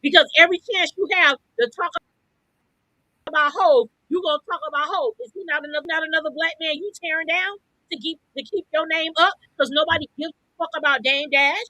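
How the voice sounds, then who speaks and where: Woman podcast cohost going off, bright high voice, dry, cussing a lot, aave. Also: fairly quick, dry recording. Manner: profane, blunt, fired-up ranting. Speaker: podcast co-host. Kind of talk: heated podcast rant.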